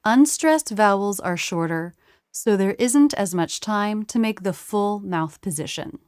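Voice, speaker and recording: Woman, pronunciation teacher, measured slow delivery, dry close sound. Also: mid-range voice, a little mellow, smooth, no room sound. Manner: slow, careful, demonstrates sounds by drawing them out. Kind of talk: instructional explanation.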